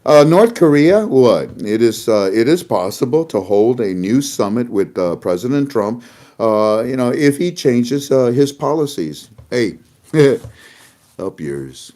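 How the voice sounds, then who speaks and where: A man's voice: medium pitch, expressive, measured pace, mellow. A man hosting an online show, chatting casually to his viewers about the news and laughing often as he goes.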